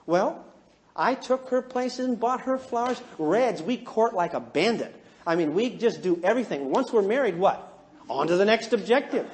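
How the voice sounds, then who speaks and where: A man's voice: sits high, moderate pace, a little hiss or hum. A middle-aged man giving a counseling seminar, telling humorous, self-mocking stories about his marriage to a live audience. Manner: animated, jokey, self-mocking, swings from hushed to loud.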